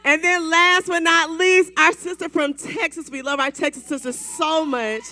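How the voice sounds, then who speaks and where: A woman's voice: very high-pitched, normal speed. A woman hosting a women's Bible study gathering, hyping up the audience and calling for applause. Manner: animated, hypes the crowd with whoops. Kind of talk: lively church event hosting. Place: event hall with live audience.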